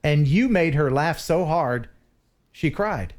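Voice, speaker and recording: A man's voice: a little high, lively intonation, takes it slowly, darkish tone. A man hosting a casual live stream, chatting and reading a viewer's message aloud. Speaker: host.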